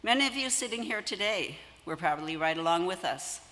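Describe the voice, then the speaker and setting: A woman in her seventies, a longtime family friend, reading measured remarks at a memorial service. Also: fairly low pitch, expressive, fairly bright tone. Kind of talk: memorial tribute. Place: church sanctuary. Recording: long church-hall reverb.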